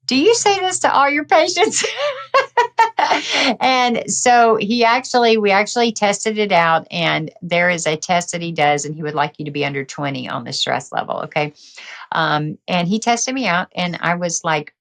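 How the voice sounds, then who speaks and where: A middle-aged woman telling her story as a podcast guest, energetic and quick to laugh. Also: on the low side. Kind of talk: casual interview talk.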